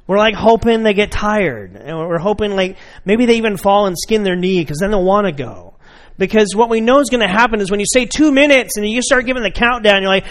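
A man's voice: high voice, lively intonation, normal speed, fairly bright tone. A man preaching a sermon in a conversational way, addressing his listeners directly and acting out everyday scenes. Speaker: pastor.

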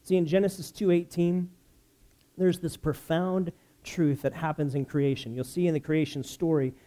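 A man from the United States preaching a sermon as a pastor, telling stories with animated energy that climbs loud when excited. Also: fairly high pitch, moderate pace.

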